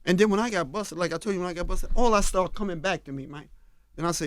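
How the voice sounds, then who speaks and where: An older man tells stories at an unhurried pace, often sinking into a low, confiding tone. His voice sits a little high for a man. It is recorded close and dry in a radio studio. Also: dry recording. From Harlem, New York. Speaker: guest, fashion designer. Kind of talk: storytelling in a radio interview. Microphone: studio mic.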